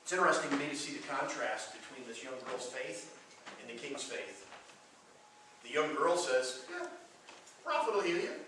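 A man's voice: medium pitch, very animated, normal speed, long pauses, noisy background. A man preaching a sermon, retelling a Bible story and acting out the quoted lines of its figures. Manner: retells scripture with dramatized quotes. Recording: echoey hall from far off.

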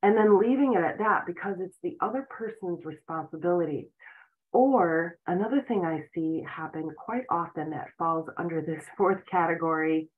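A woman's voice: fairly low pitch, moderate pace. A woman giving an earnest self-help talk as a relationship and spiritual coach, explaining points with frequent "you know"s. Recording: tinny phone-like audio.

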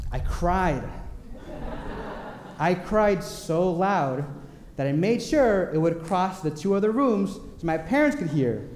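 A young man with a slightly high voice delivers a sermon in a church sanctuary. He tells stories in a playful, animated way with quick asides to the congregation. The big room carries a long, echoing reverb. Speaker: preacher. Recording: echoey church hall.

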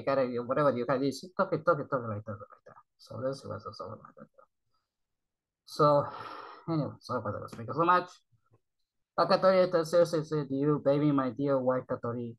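A man from Japan who speaks English with a Japanese accent as a second language. He rambles through casual reaction commentary, halting, repeating words and swearing often. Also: mid-range voice, a bit bright, dull audio. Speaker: YouTube reactor.

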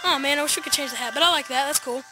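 Male, high-pitched, excitable, chatty gameplay commentary, music in the background. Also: rapid-fire. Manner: excitable, chatty, addresses viewers as guys. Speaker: gaming YouTuber. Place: backyard, outdoors.

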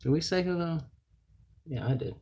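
A man's voice: a little high, lively intonation, moderate pace, mellow, husky. Chatty man calling out trading cards. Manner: chatty, calls out card names and numbers. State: flustered and distracted. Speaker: card break host. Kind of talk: casual card-opening commentary.

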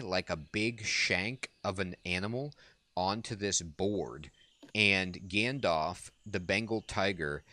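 A man's voice: deep voice, pushed and bright. A man casually commenting on a zoo-building game as he plays, chatty and amused, talking to the animals. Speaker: let's play host.

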